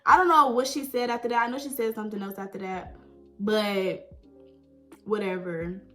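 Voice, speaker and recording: A young woman telling a personal story in a chatty, animated way, full of "like" and "right?". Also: medium pitch, normal speed, faint music behind, rough recording. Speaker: vlogger. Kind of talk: casual storytime.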